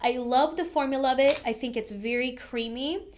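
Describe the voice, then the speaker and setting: A woman's voice: high voice, normal speed, a little mellow, slight background noise. Chatty woman vlogger with a raised voice. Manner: chatty, candid, frequent "um" and "like". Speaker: beauty vlogger reviewing makeup. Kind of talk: casual product review to camera.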